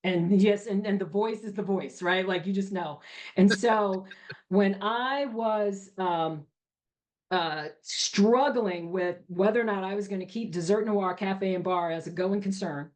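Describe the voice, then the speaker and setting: A woman's voice: mid-range voice, measured pace. Emphatic middle-aged woman telling a story. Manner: animated, emphatic storyteller with frequent "you know" and "right?". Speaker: entrepreneur guest. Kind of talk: conversational interview storytelling.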